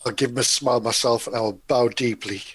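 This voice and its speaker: A man's voice: mid-range voice, fairly even intonation, fast. A man playing a tabletop game, speaking earnestly and formally as his character. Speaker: player.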